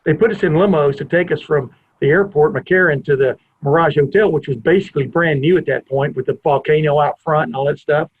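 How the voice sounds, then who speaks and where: A man's voice: a little high, a little fast, few pauses. A man hosting a podcast, telling a long rambling anecdote from his home and often wandering off on tangents. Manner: rambling, digressive storyteller. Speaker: podcast host. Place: home family room. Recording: tinny phone-like line.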